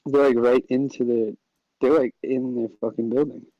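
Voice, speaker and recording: A man's voice: mid-range voice, flat delivery, mellow, no echo, dull audio. A man as a podcast guest, chatting loosely, laughing often and swearing freely. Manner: loose and laughing, swears a lot, halting restarts. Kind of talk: casual chat.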